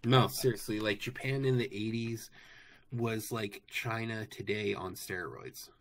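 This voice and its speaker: A man's voice: on the low side, measured pace. A man co-hosting a livestream in casual chat, ranting animatedly with exasperated swearing.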